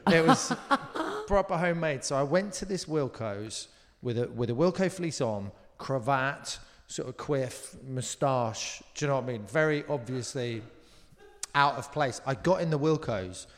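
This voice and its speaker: A British man, a comedian guest on a live talk show, telling a lively anecdote and slipping into quoted voices, with casual swearing. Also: mid-range voice. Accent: British English. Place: live venue stage. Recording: long reverb of a live venue.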